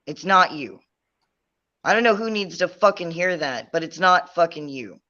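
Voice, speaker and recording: A man's voice: on the high side, expressive, normal speed, pushed and bright, dull audio. A man co-hosting a livestream discussion who rants angrily and swears constantly. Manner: angry, ranting, heavy swearing. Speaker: podcast co-host.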